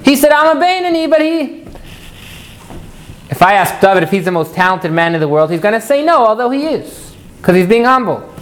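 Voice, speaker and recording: A man teaching a live class, animated and jokey, putting questions to his students. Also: high voice, a little fast.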